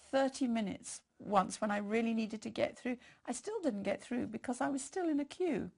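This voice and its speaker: A woman's voice: on the high side, vocal fry, slightly rough. An older woman giving a devotional sermon and leading a prayer in a storytelling manner. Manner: warm storytelling, leads prayer. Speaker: preacher.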